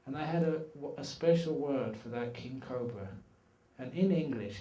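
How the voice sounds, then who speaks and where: Middle-aged guy giving a dharma talk, storytelling with jokes, mellow voice, echoey hall, mic kinda far off. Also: medium pitch, normal speed. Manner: storytelling, animated and humorous. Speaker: meditation teacher. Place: retreat hall.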